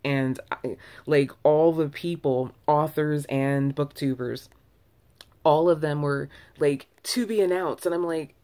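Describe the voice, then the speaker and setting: A woman's voice: low voice, fairly even intonation, slow pace, mellow, clean tone. A woman vlogger talking to camera in a loose, candid ramble, full of restarts and self-corrections, with sighs between thoughts. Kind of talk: casual early-morning ramble to camera.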